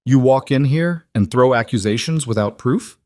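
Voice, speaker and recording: A man's voice: medium pitch, moderate pace, darkish tone, no room sound, clean studio sound, voice pushed up, lightly acted. A man voicing a hot-tempered male gangster who angrily challenges a rival. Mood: angry. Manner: angry, challenging.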